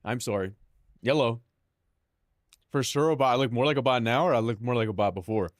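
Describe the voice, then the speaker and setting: A man's voice: mid-range voice, brisk, no echo, clean studio sound. A young man streaming live, rambling casually to his chat and himself, swearing freely.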